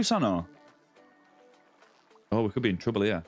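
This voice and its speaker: Soft music plays behind this Lancashire streamer as he talks through a game at a moderate pace. His voice sits fairly low, and he banters with viewers, calling them by name, in the accent of northwest England near Yorkshire.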